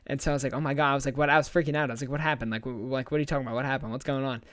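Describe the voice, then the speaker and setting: A man's voice: mid-range voice, steady tone, very fast, fairly bright tone, no echo. A young man on a podcast, casually rambling through a story and laughing often as he talks. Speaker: podcast co-host.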